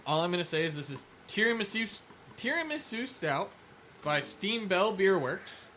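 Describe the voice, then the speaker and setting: Bright, lively man quizzing his friends. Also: sits high, normal speed, a little hiss or hum. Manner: quizzing, repeats the guesses back. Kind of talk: casual beer-tasting chat.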